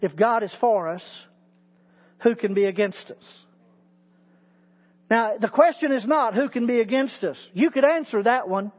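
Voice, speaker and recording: A man's voice: sits high, expressive, unhurried, long pauses. A man preaching a sermon as teaching pastor, building emphasis through repeated phrases. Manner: preaching with rising emphatic repetition. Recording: muffled audio with long hall reverb.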